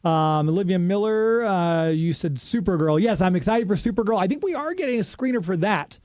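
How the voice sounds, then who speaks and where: A man's voice: sits high, expressive, fairly quick, darkish tone, dry recording. A man hosting a radio show, chatting casually and reading a sponsor spot with plenty of fillers.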